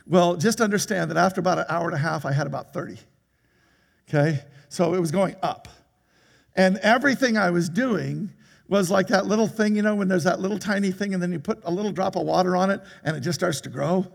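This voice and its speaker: An older man preaching a sermon to his congregation, telling a story in an animated way and laughing as he goes. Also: sits high, fairly quick, gravelly. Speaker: pastor. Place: church hall.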